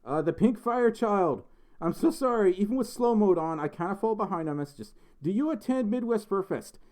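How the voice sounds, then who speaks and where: A man's voice: high-pitched, animated, moderate pace, a little mellow. A young man hosting a casual livestream, reading viewer messages aloud in a rambling, giggly way full of ums and restarts. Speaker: livestream host.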